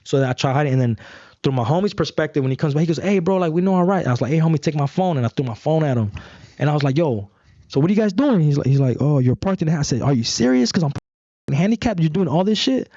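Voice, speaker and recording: A young man telling a story in casual talk, animated and acting out the voices of others. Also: on the high side, quick pace, dry recording, muffled recording. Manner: animated, acts out voices in stories, swears a lot. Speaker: guest.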